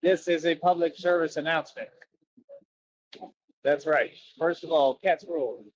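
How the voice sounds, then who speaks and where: A man's voice: on the high side, moderate pace, no echo, highs cut off. A man livestreaming outdoors near a road, rambling and repeating himself as he chats to viewers. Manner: rambling and repetitive, keeps saying "that's right". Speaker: livestreamer asking viewers for donations. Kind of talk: casual rambling livestream chat.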